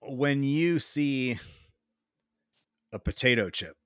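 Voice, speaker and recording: A man's voice: mid-range voice, lively intonation, slow, clean tone, dry recording, clean studio sound. An American man hosting a podcast, asking curious questions in a casual, loose way with some swearing. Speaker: podcast host. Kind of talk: casual chat.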